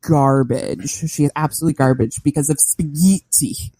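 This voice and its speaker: A woman's voice: sits low, normal speed, warm tone, slightly rough, dry recording. A woman guest on a podcast, opinionated and emphatic in casual chat, building up to a punchline.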